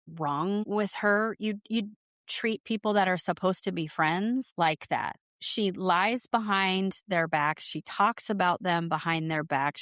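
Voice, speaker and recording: A woman's voice: lowish voice, fairly bright tone, no room sound, studio quality. Blunt, swearing woman podcast co-host. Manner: blunt and exasperated, swears freely. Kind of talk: casual chat recapping reality TV.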